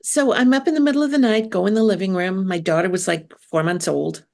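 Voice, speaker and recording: A woman's voice: mid-range voice, fast, vocal fry, a little mellow. An older woman hosting a casual chat, telling stories in a chatty way. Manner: chatty, storytelling.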